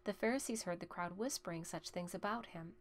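A woman reading scripture aloud in a steady, plain voice, including verse references and notes. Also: on the low side, a little fast. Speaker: Bible reader.

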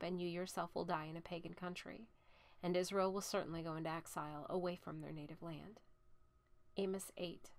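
A woman reading scripture aloud at a steady, measured pace. She drops softer on the speaker tags and rises louder for the rebukes. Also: lowish voice. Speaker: scripture reader.

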